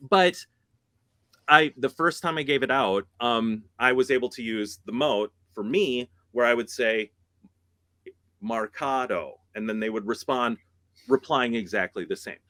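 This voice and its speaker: A man's voice: mid-range voice, moderate pace, pushed and bright, dry recording. Chatty man, laughing asides. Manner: chatty, laughs often, self-correcting. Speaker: guest speaker, music teacher. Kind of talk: casual conference chat.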